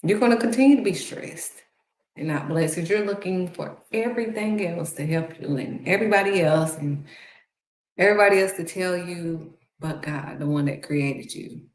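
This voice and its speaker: A woman with a lowish voice offers heartfelt spiritual encouragement at a moderate pace, preaching in a conversational style and repeating phrases for emphasis. The recording has a roomy echo.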